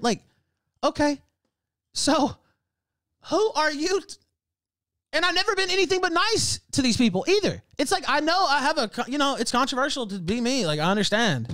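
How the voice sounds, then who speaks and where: A man with a high voice rants on a livestream. His pitch leaps around animatedly, and he swears freely and laughs between heated complaints. The sound is close and dry. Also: fairly bright tone, no room sound. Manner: profane, heated ranting with frequent laughs. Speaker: livestream host. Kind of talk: ranting casual talk.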